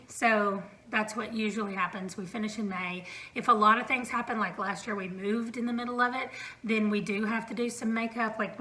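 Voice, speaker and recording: A book vlogger in her thirties rambles casually about reading from a room at home, mixing in fillers and little laughs. Her mid-range voice is bright and forceful, and the rough recording has a little hiss or hum.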